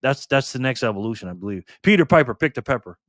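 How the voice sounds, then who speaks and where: A man's voice: mid-range voice, fast talker, a bit bright, no echo, clean studio sound. Laid-back man hosting a livestream. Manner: laid-back, calls viewers man and brother; loose, repeats and restarts phrases. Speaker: livestream host. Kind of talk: casual livestream chat, reading viewer comments aloud.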